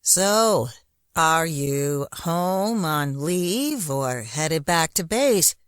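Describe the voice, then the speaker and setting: A man voicing a tall, pale, nosy woman passenger on a late-night train, speaking slowly and overly sweetly. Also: a little high, animated, fairly bright tone, clear, resonant tone, dry recording, studio quality, pitched above the performer's own voice, exaggerated voice. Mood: sweetly prying. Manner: slow, prying, overly sweet.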